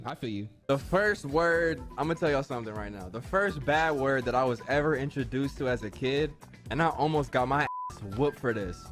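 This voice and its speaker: A young man telling funny personal stories in a casual, slangy way, acting out what people said. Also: mid-range voice. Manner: animated, slangy, acts out quotes. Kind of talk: casual storytelling.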